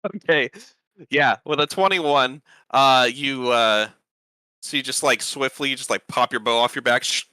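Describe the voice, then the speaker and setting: Bright-voiced man as game master. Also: mid-range voice, measured pace, clear, resonant tone, no echo. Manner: rambling, many fillers. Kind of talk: narrating a tabletop game.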